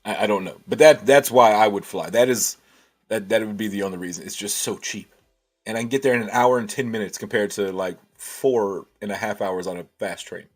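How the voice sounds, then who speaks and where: A man's voice: on the low side, fairly quick. A man hosting a casual livestream, thinking aloud and answering chat with many restarts.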